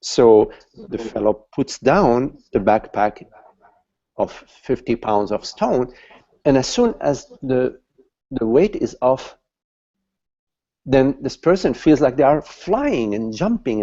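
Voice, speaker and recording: This spiritual teacher offers a satsang talk in a medium-pitched, expressive, warm voice. He speaks slowly and haltingly, repeating words as he hunts for them, and the online call audio sounds dull.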